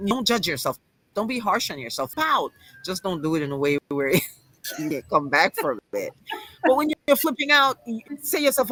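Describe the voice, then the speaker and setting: A woman's voice: medium pitch, very animated, moderate pace, sharp tone, dry recording, poor audio. A woman guest on a talk show giving earnest, coaching advice in a conversational way. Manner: earnest, coaching, talks to herself in quoted self-talk.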